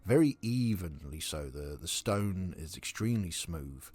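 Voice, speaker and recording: A man with a low voice narrates a tabletop game as dungeon master. He describes scenes in a calm, measured way, with the odd hesitant filler.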